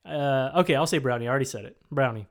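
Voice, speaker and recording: A man's voice: mid-range voice, very fast. A man from Michigan co-hosting a casual chat, thinking aloud with frequent restarts. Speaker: podcast co-host.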